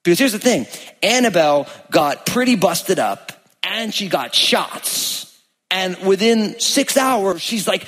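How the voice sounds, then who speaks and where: A man's voice: sits high, lively intonation, unhurried, a bit bright. A man in his thirties preaching a sermon, telling a family story in a chatty way full of fillers and restarts, rising to emphatic preaching. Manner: builds to raised, emphatic preaching. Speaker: pastor. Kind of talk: sermon with personal stories. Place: church sanctuary. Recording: long hall reverb in a church.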